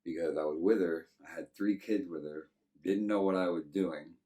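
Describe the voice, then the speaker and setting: A Texan man in his thirties recounts his past in an easygoing, meandering way, leaning on "you know" as he goes. His voice sits very low. The mic is a little distant from him. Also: moderate pace, mellow. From Texas. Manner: loose and rambling, many "you know" fillers. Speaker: guest. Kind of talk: casual life-story telling.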